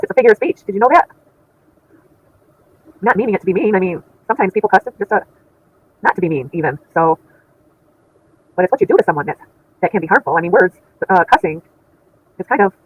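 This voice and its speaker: Fast-talking indignant woman streamer. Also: medium pitch, dull audio. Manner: chatty, indignant, laughs often. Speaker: channel host reading chat. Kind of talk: casual livestream chat.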